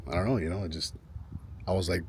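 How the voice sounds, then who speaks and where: This male vlogger talks to camera outside in a residential area, quick and low-pitched with a slightly mellow tone. He rambles, restarting sentences and repeating himself, with a little background noise.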